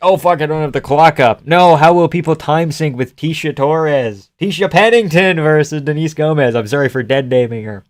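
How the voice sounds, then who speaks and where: A man's voice: a little high, normal speed, few pauses. A man live-streaming casual commentary on a fight, offhand and joking, swearing freely.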